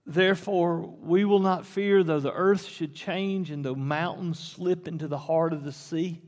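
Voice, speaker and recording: A man's voice: on the high side, fairly even intonation, unhurried. A man pastor preaching a sermon in a church, talking conversationally and then rising to emphatic peaks. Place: church sanctuary. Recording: long reverb in a church hall.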